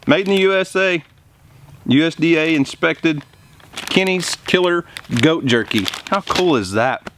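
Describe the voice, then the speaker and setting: This homestead vlogger speaks in a fairly high, unhurried voice from his greenhouse, excited and chatty as he eats mid-sentence. It's relaxed talk aimed at the camera, with a little noise in the background.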